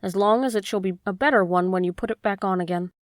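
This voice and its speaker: A woman plays a cheerful scarecrow from a storybook, eager and earnest. The voice stays mid-pitch in a dry, close recording. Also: fast talker, no room sound, lightly acted. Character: Scarecrow, cheerful straw man.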